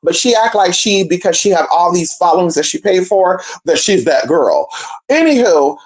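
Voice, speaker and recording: A woman's voice: lowish voice, very animated, normal speed, darkish tone. Brash, gossipy woman telling a story. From Northern California. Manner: brash, profane and gossipy, talks straight to viewers. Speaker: storyteller vlogger. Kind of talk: casual storytime chat.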